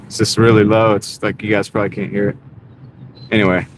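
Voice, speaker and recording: A man's voice: fairly low pitch, level tone, a little fast. Laid-back chatty man driving in a car. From North Carolina. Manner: laid-back, chatty, says "dude" and "bro" a lot. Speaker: delivery driver and livestreamer. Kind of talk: casual driving livestream chat. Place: inside a moving car. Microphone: wireless clip-on mic. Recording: car road noise behind.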